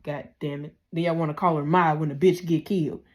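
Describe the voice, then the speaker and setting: A woman hosting a casual TV recap, ranting with heated, profane rhetorical questions and big swings in pitch and loudness. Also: fairly even intonation, fairly quick. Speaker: TV recap host.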